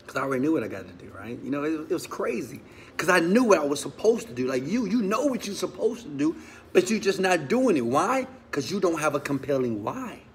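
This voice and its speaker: A man's voice: on the high side, very animated, brisk, slight background noise. Emotional man telling his story. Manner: emotional, swings from loud urging to hushed confession; talks straight to listeners with questions. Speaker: motivational speaker. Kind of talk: personal storytelling talk.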